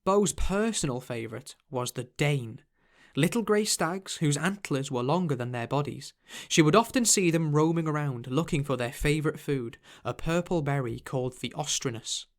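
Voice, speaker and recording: A man reading a fantasy novel aloud in measured, scripted storytelling. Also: fairly high pitch, expressive. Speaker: audiobook narrator. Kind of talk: scripted narration.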